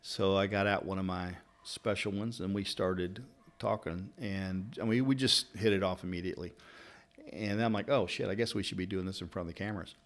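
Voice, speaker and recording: Low-voiced Kentucky man telling stories. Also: brisk. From Louisville, Kentucky. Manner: rambling storyteller, animated retelling of anecdotes. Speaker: barber and interviewer. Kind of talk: casual chat.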